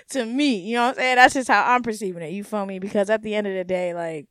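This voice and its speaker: A young woman hosting her own podcast, ranting in a blunt, profane, animated way and laughing often. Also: mid-range voice, brisk, no room sound, studio quality. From United States. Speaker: podcast host. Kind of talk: casual solo podcast rant.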